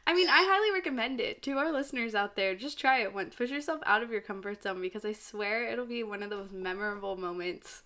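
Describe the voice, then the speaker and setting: A woman co-hosting a podcast, telling stories in a giggly, animated casual chat. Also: mid-range voice, fairly quick, hardly any pauses. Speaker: podcast co-host.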